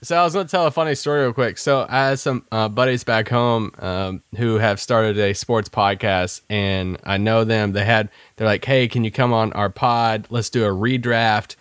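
A man's voice: fairly low pitch, fairly even intonation, moderate pace, few pauses, a bit bright, smooth, no room sound. A man from Kentucky co-hosting a sports podcast, telling stories in a loose, rambling way. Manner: rambling storyteller, lots of fillers and restarts. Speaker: podcast co-host. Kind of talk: casual sports podcast chat.

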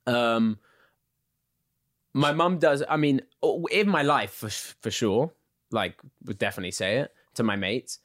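A young man with an English accent, chatting casually as an interview guest, relaxed and quick to laugh with lots of fillers. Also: mid-range voice, no room sound, clean studio sound. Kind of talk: casual chat.

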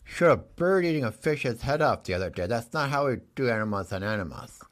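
Deadpan man hosting a comedy show. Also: mid-range voice, brisk. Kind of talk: mock-serious comedy chat.

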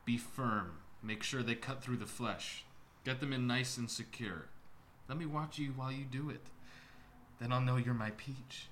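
A man's voice: medium pitch, unhurried, slight background noise, natural voice. An actor playing a menacing male taxidermist killer, coaxing and cruel. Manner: coaxing, then erupting into shouts. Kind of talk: audio drama acting.

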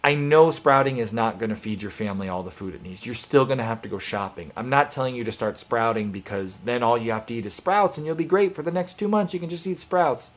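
A man's voice: medium pitch, expressive, fast talker, hardly any pauses. A man hosting a live online homesteading show, talking casually and earnestly to viewers with encouraging, rambling speech and restarts.

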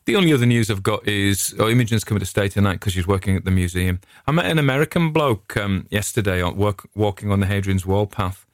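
Speaking with a fairly low pitch, this English podcast host is a middle-aged man and a friendly storyteller who wanders off on tangents in casual, rambling chat on his own show. The sound is studio quality with no room sound.

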